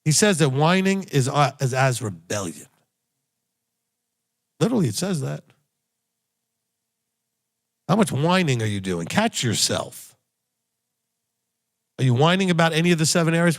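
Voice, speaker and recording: A male rabbi delivers a teaching sermon in a somewhat raised voice that swings widely in pitch. He exhorts his listeners bluntly and repeats his key phrases for emphasis. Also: sing-song, normal speed, pauses often.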